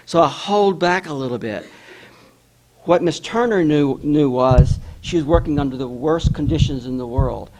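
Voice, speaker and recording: Animated man telling a story. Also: on the high side. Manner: animated storyteller who acts out quoted voices. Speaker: author giving a talk. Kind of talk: storytelling address.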